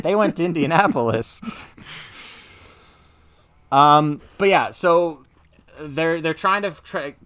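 Rambling animated man on a podcast. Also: mid-range voice, unhurried, slight background noise. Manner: rambling, animated, full of filler words. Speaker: podcast co-host. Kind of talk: casual chat.

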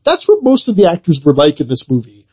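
Husky-voiced man chatting loosely. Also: fairly high pitch, huge pitch swings, quick pace, a little mellow. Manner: rambling, loose, lots of filler words. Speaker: podcast co-host. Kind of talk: casual chat about games and movies.

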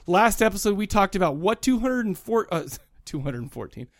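A man's voice: high-pitched, sing-song, a little fast, no room sound, clean studio sound. A man co-hosting a podcast, chatting casually and rambling with frequent restarts. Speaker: podcast co-host.

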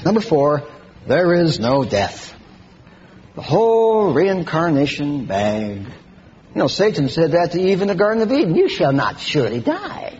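A man preaching a sermon in an animated way, breaking into mocking high-pitched impressions. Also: measured pace. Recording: slightly dull lo-fi recording with faint hiss.

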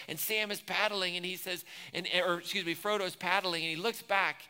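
A man's voice: high voice, fairly quick, hardly any pauses, bright, forceful tone, clean tone. A man preaching a sermon, retelling movie scenes and acting out the characters' lines with rising intensity. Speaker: pastor. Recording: long hall reverb.

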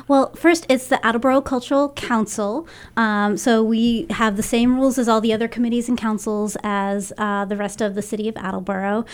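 A woman's voice: on the high side, fairly even intonation, fairly quick, few pauses. A woman chairing a local committee, explaining its work as a radio guest with frequent ums.

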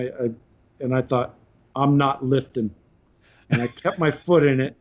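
A man telling a story on a podcast in a casual, animated way, laughing between points, heard on slightly dull audio. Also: a little high. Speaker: podcast guest.

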